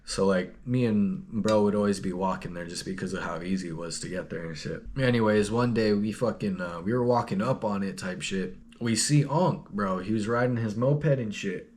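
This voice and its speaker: A man's voice: fairly low pitch, moderate pace, few pauses, darkish tone. A young man telling a story in a rambling, slangy, profane, laid-back way. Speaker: vlogger. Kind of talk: casual storytelling.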